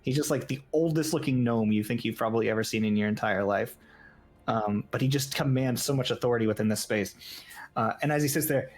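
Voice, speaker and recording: A man's voice: medium pitch, fairly quick, faint music behind. A man narrating a tabletop game as game master, in a casual style with frequent "like" fillers.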